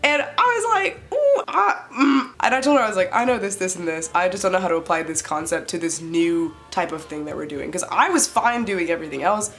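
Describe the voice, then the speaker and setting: Young woman vlogger, quick, slightly low voice, chatty storytime delivery with lots of fillers. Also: faint music behind. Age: young adult. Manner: chatty, filler-heavy, animated retelling with quoted dialogue. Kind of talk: casual storytime. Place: her bed, for a short add-on.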